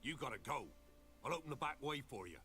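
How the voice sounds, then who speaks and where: An actor playing a wary, gruff male innkeeper who speaks curtly. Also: mid-range voice, expressive, quick pace, sharp tone, faint music behind. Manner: suspicious, curt. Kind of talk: video game voice acting.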